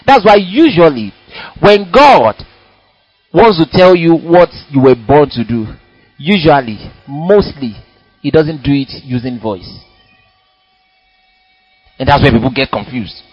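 High, lively male preacher. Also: measured pace, pauses often, husky, no room sound, lo-fi sound, soft background music. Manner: animated, dramatic preaching with acted-out quotes. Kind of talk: sermon. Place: church.

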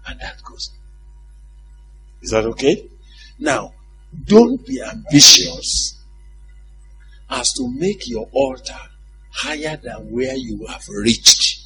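A man preaching a sermon in an animated, humorous way, often asking the congregation if they follow him. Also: on the high side, slow pace, creaky, pauses often, soft background music, rough recording.

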